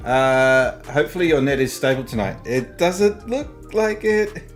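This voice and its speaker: Aussie guy hosting a game stream, lively up and down voice, mutters and laughs while fixing stuff, faint music behind. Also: medium pitch, measured pace. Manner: laid-back, chuckling, muttering while fixing tech. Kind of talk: casual chat while streaming.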